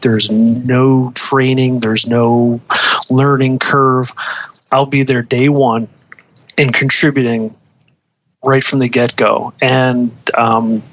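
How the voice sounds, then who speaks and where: A man speaking in a relaxed, conversational interview. His speech is halting, full of fillers and restarts as he works out his thoughts. His pitch sits in an everyday middle range. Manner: hesitant, many fillers and restarts. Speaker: uniform designer guest. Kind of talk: casual interview talk.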